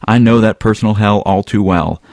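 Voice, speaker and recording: A man hosting a casual podcast, reading a listener's email aloud in a relaxed, rambling way. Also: lowish voice, a little fast, vocal fry, no echo. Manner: relaxed, rambling, with some filler words. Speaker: podcast host.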